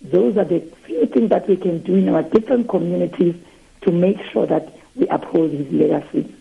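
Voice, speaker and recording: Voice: medium pitch, moderate pace, creaky, slightly rough. A trustee from South Africa calling a radio show, speaking earnestly and reflectively. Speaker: caller, trustee. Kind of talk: impassioned phone-in comment. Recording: tinny phone line.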